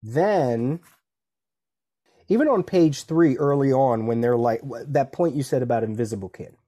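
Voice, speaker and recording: A man's voice: medium pitch, normal speed. A man co-hosting a comics podcast, talking casually and acting out lines of dialogue as he recaps issues. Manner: animated, quotes dialogue in character, many restarts. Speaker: podcast co-host.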